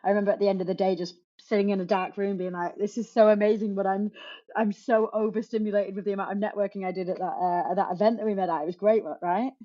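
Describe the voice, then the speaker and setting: A woman's voice: medium pitch, fairly even intonation, fast, warm tone. A woman in her thirties, a remote work coach and guest on a podcast, telling her story casually and laughing often. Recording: slightly muffled lo-fi call audio.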